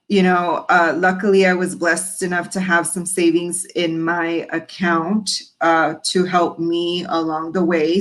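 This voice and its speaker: Woman on a podcast telling her story, kinda low voice, candid, acts out quotes, swears a bit. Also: fairly bright tone, low-quality recording. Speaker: podcast guest.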